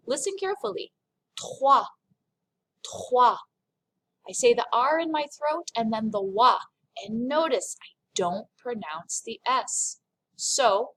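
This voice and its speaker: Female language teacher with a slightly high voice and a slow, carefully enunciated delivery, for a recorded lesson. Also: fairly bright tone, poor audio. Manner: patient, enunciating, explaining step by step. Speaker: French teacher.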